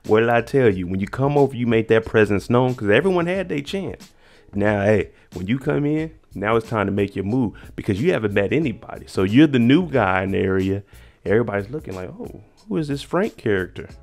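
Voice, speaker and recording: A man hosting a casual reaction talk, chatting in a relaxed, slangy way and giving dating advice to the guys. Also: lowish voice, brisk. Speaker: reality show reaction host.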